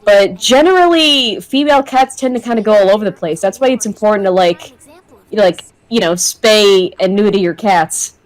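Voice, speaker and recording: A woman's voice: medium pitch, normal speed. A woman with a mid-range voice chats casually on a game stream. She giggles often and wanders into long, explanatory tangents. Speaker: stream co-host.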